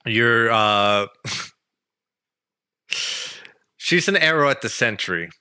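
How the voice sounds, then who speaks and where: A man runs a tabletop game as game master, his voice very bright and forward. He narrates at an unhurried pace, animated and often laughing as he tells what happens. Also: mid-range voice, clear, resonant tone, no echo, studio quality.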